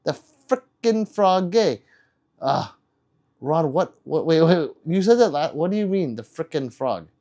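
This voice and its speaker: A man's voice: a little high, lively intonation, moderate pace, mellow, lo-fi sound. A man livestreaming, reading out chat messages and teasing viewers in a loose, rambling, joking way.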